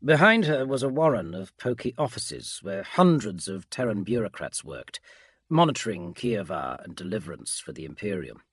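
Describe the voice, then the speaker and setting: A man giving calm, measured bedtime audiobook narration of a science fiction story. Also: mid-range voice, husky, no echo, clean studio sound.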